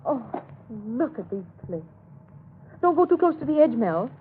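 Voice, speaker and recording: A woman's voice: high-pitched, big pitch swings, normal speed. An actress playing a nervous young woman, a gangster's girlfriend, in a 1930s radio drama. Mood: anxious. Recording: narrow lo-fi old radio recording with faint hiss.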